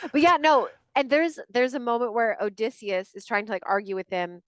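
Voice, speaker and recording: A woman co-hosting a podcast in casual chat, wry and quick to agree, with short joking asides. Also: a little high, expressive, clear, resonant tone, dry recording, clean studio sound. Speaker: podcast co-host.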